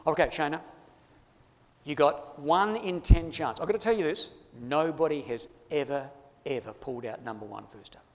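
A man's voice: fairly high pitch, normal speed. Playful Australian man in a reverberant hall. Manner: playful, teasing banter with the audience. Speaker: speaker giving a presentation. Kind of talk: lively audience-participation talk. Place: large hall before a live audience.

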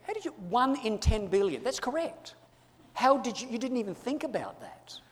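A man's voice: extremely high pitch, sing-song, normal speed. An Australian man giving a playful, teasing talk to a live audience in a large hall. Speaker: speaker giving a presentation. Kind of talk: lively audience-participation talk. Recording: long hall reverb.

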